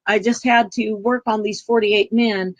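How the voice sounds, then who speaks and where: A woman guest telling a personal spiritual story in an earnest, emotional, halting way. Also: mid-range voice, little pitch movement.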